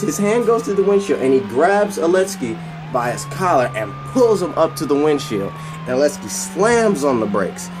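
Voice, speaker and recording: A man hosts his channel and retells an action story in long, rambling run-on sentences. His pitch swings widely as the excitement builds, and music runs beneath his voice. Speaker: channel host.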